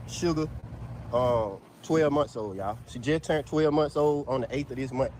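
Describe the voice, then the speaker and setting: A man, casually pitching his dogs for sale to viewers outdoors in his yard, peppering his talk with "y'all". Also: normal speed, darkish tone, a little hiss or hum. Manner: drawls "y'all" constantly, Southern US dialect. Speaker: dog breeder selling dogs.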